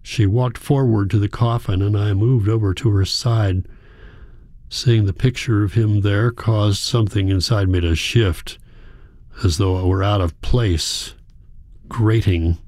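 A man reading a novel aloud in a measured, reflective storytelling manner. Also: lowish voice, fairly even intonation, a little mellow, dry recording, clean studio sound. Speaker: audiobook narrator. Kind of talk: scripted narration.

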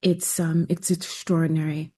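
A woman answering interview questions in a reflective way, pausing to search for words. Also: low-pitched, level tone, mellow, husky. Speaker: interview guest.

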